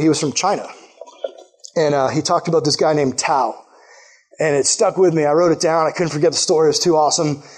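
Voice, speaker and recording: A man preaching a casual sermon, telling a story and acting out quotes in lively put-on voices. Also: mid-range voice. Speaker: pastor.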